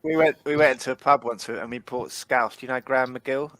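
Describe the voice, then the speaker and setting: A man's voice: mid-range voice, fairly even intonation, fairly quick, a bit bright, a little hiss or hum. A man, telling blunt, sweary football stories as a podcast co-host. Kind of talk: casual football podcast chat.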